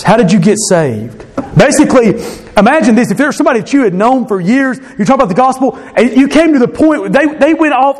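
A man preaching a sermon as pastor, earnest, voicing quoted speakers with emphasis. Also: very high-pitched.

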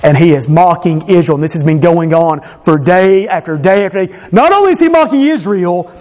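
A male preacher with a high voice delivers a sermon. He drives his points home by repeating phrases and tells the story with plenty of emphasis. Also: expressive, brisk, a little mellow. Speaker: pastor.

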